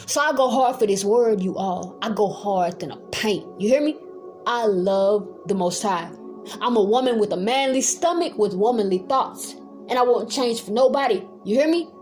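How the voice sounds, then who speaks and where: A woman Bible teacher, preaching a fiery home sermon that moves from calm talk to yelling with zeal. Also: a little high. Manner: zealous, swings from calm to yelling.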